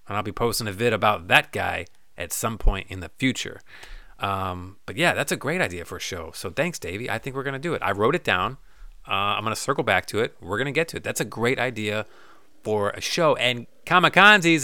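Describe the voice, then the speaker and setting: A man's voice: medium pitch, bright, forceful tone, clean tone, no room sound, clean studio sound. A man hosting his own podcast, casually ranting and reading listener messages, loose and profane and joking. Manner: loose, profane, joking, breaks into goofy voices. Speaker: podcast host.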